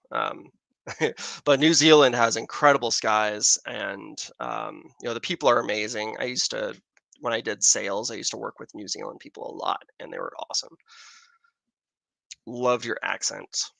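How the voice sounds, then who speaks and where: A man's voice: lowish voice, fairly quick, gravelly, bright, forceful tone, no echo. An American man hosting a casual astronomy livestream, rambling as he answers viewer questions. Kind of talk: casual live-stream chat. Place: outdoors in Arizona with a telescope.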